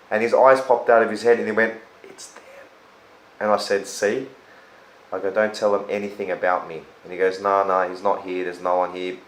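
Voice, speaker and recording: A man's voice: on the low side, roomy sound, low-quality recording. A man, talking earnestly and telling a story in a casual conversation. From Australia. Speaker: host. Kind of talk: casual chat.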